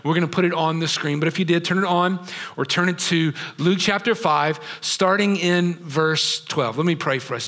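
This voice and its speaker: At a normal pace and in a slightly high, somewhat bright voice, a middle-aged pastor gives a sermon in a theater used for church. His style is chatty, drawing people in through questions.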